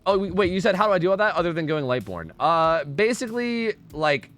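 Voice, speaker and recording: A man streams a game live with laid-back commentary, swearing often and chatting with viewers. His voice is high with big pitch swings, a little fast and a bit bright, and faint music plays behind him.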